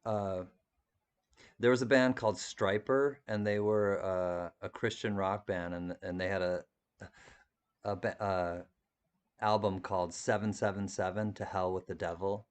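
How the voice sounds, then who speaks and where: A man's voice: sits low, steady tone, measured pace, smooth. A man hosting a live stream in a casual, rambling chat, reading viewer comments and laughing often. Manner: rambling, chatty, laughs often, many restarts. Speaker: livestream host reading chat.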